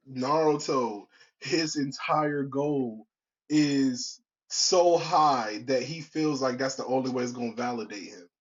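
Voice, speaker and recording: A young man hosts his own podcast solo, chatting in a casual, rambling way packed with slang and restarts. He has a mid-range voice, and the audio sounds dull.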